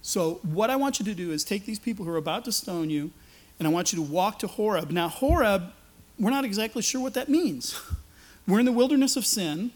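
A man preaching a sermon, animated and sarcastic, acting out the lines he quotes. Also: high-pitched, fairly quick. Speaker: pastor.

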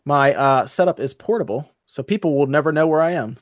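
A man with a fairly high voice hosts a laid-back gaming stream. He stumbles and repeats words as he chats with guests. The sound is dry and close. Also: lively intonation, a little fast, no room sound. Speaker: podcast host. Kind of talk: casual chat.

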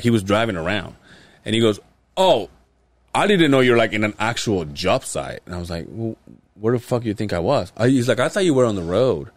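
Male podcast host, profane storyteller, animated delivery, dead-dry sound. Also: on the low side, no echo. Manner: profane, laughing, does voices of people in stories. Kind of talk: casual storytelling chat.

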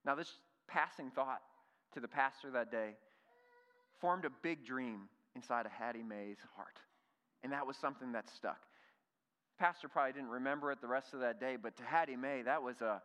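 A man's voice: medium pitch, normal speed, a bit bright, clean tone. A male pastor preaching an earnest sermon, full of rhetorical questions and repeated words. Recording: reverberant hall.

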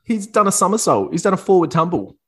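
A man's voice: high voice, very animated, fast talker, a bit bright, husky. A man co-hosting a casual football chat, wry and chatty, quoting stats as he goes. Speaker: podcast co-host.

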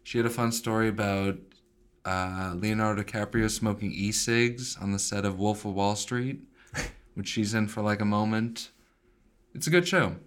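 Podcast co-host, young man from Boston, loose rambling chat, slightly low voice. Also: steady tone, moderate pace, smooth. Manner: loose, rambling, many fillers. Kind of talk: casual chat.

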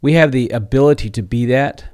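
A man co-hosting a Catholic talk show, speaking thoughtfully and haltingly with fillers. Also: medium pitch, darkish tone. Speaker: podcast co-host. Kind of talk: casual faith discussion.

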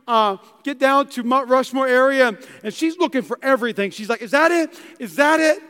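A man's voice: very high-pitched, fairly bright tone, clean tone, big-room sound. A young man preaching a sermon in a church, telling stories and acting out voices as he goes. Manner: storytelling preacher, acts out voices. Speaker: pastor. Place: church hall.

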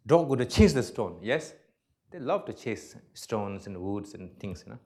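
A man teaching in halting non-native English, answering audience questions in a lecture hall and acting out examples with emphasis. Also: on the low side, sing-song, warm tone. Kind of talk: spoken talk and Q&A.

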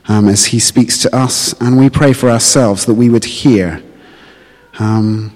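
A man leading a short spoken prayer, gentle, with hesitant fillers. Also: mid-range voice. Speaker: church leader praying. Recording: reverberant church hall.

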